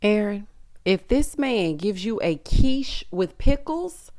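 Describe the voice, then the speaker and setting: Sassy animated Southern woman. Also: medium pitch, takes it slowly. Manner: sassy, animated, lots of asides to viewers. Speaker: recap vlogger. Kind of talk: casual show recap.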